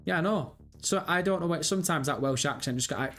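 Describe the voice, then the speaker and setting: This livestream host, a man in his twenties from England with a Birmingham accent, talks briskly with hardly any pauses in a fairly high, fairly bright voice. He reads viewer comments aloud, rambling casually and swearing without restraint.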